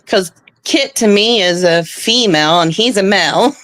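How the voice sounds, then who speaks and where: A woman's voice: mid-range voice, lively intonation, unhurried, a bit bright, no echo. Woman on a call telling a little story, dry close sound. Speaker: caller. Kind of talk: casual chat.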